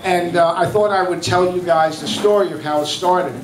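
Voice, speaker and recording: A man's voice: high-pitched, steady tone, normal speed, crowd noise. A middle-aged man telling a personal story to an audience at an event, rambling with fillers and restarts. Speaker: charity founder giving a speech. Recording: echoey room from far off, with noise.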